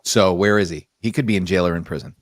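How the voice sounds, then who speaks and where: A man with a fairly low voice telling a long story in casual podcast chat, acting out the lines of the people in it. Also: fast talker, no room sound, studio quality. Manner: animated storyteller acting out his own dialogue. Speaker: podcast host.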